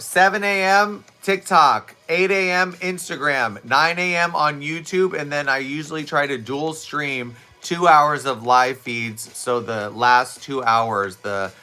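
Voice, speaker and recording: A man hosting a casual live stream, talking to viewers with lots of energy and quick laughs. His voice is a bit scratchy and worn from hours of talking and teaching, with a bright, forward tone. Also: medium pitch. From Southwest Florida. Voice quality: slightly raspy, scratchy from overuse. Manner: chatty, animated, laughs often, talks to viewers' comments. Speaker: live streamer and fitness instructor. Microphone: streaming setup close to camera.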